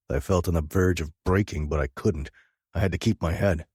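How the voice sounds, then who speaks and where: A man's voice: rumbling low, fairly even intonation, moderate pace, darkish tone, husky, dry recording, studio quality. A man reading a first-person audiobook with a tense, dramatic delivery. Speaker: audiobook narrator.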